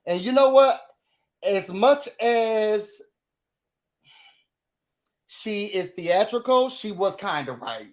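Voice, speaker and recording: A man's voice: high voice, lively intonation, slow, pauses often. A man hosting a reality-TV recap, chatting animatedly and laughing with his viewers. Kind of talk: casual gossip recap commentary.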